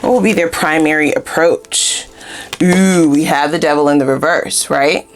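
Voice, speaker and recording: A woman giving a casual tarot reading in a blunt, profane and animated way. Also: deep voice, normal speed, slight background noise. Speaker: tarot reader.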